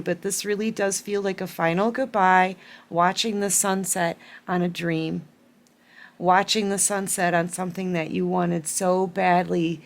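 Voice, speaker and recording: Woman tarot reader, unhurried, close to tears, repeats herself for emphasis. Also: fairly low pitch, fairly even intonation. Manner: emotional, tearful, repeats phrases for emphasis. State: holding back tears. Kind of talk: collective tarot reading to camera.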